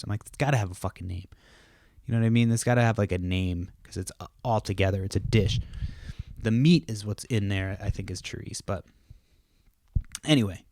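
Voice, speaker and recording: A man's voice: on the low side, creaky, no echo, clean studio sound. A man in his thirties hosting a podcast from home, rambling casually and cursing often as he goes off on tangents. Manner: profane, rambling, self-interrupting. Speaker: podcast host. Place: home, kids nearby.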